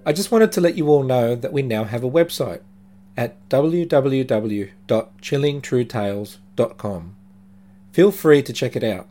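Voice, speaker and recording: A man hosting a podcast, narrating true creepy stories in a measured, dramatic way with slow pauses. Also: mid-range voice, expressive, warm tone. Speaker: podcast host.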